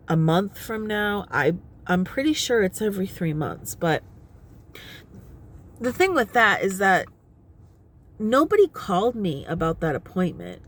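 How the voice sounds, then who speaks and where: A middle-aged woman vlogging casually from her car, chatty and often laughing as she explains at length. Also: mid-range voice. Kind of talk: casual talking-head vlog. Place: inside her parked car. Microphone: phone propped on the steering wheel.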